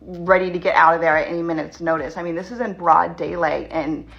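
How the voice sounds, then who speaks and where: A woman in a storytime vlog, shaken and tense, rushing through her retelling with lots of "like". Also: fairly low pitch, steady tone, vocal fry, lo-fi sound, soft background music. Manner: tense, rushed retelling full of "like". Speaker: vlogger.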